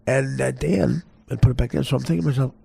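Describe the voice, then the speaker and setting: Gravelly, stammering male podcast host. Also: medium pitch, fast, warm tone, no echo, studio quality. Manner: rambling, stammering, laughing at his own jokes. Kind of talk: crude comedic storytelling.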